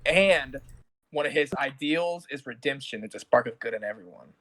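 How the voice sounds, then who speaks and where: A man's voice: medium pitch, lively intonation, moderate pace, a bit bright, slight background noise. Casual male game master narrating. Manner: casual, loose narration with fillers and restarts. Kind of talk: narrating a tabletop game over voice chat. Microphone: home mic on a voice call.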